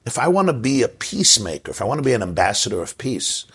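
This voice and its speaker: In a medium-pitched, sing-song voice that is a bit bright and husky, a Jewish religious teacher moves quickly through a sermon. He tells a joke as a story, builds to emphasis, and draws a lesson from it.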